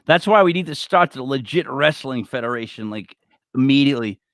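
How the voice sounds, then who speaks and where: A man co-hosting a casual wrestling podcast, excitable and stumbling over his words. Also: medium pitch, a little fast, no echo, studio quality. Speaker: podcast co-host.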